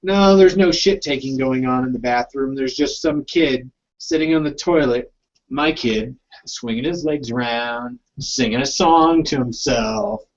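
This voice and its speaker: A man's voice: mid-range voice, unhurried. A man co-hosting a casual chat, telling wry parenting stories in a laid-back way. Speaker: podcast co-host and father. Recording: dull lo-fi live stream audio.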